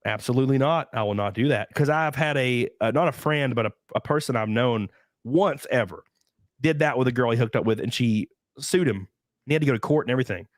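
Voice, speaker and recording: A man hosting a casual podcast, telling crude, rambling stories in an animated way. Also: medium pitch, a little fast, no room sound, clean studio sound. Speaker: podcast host.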